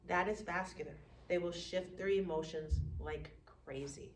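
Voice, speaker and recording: Woman, class lecture on dementia care, lively, echoey room, from far off. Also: on the low side, a little slow, few pauses. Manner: lively, acts out family members and residents. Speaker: dementia educator.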